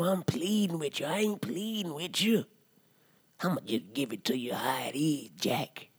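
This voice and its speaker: A man playing a rowdy, profane drunk uncle in a comedy monologue, ranting loudly and then dropping to low mutters. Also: husky, dry recording. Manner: loud profane rant, swings to low mutters. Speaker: comedy podcast character.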